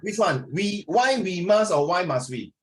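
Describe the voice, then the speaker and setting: A middle-aged man teaches over a video call, chatty and teasing with his students. His voice sits on the higher side and swings widely in pitch. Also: big pitch swings, unhurried, a bit bright. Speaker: English tutor. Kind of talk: online class teaching.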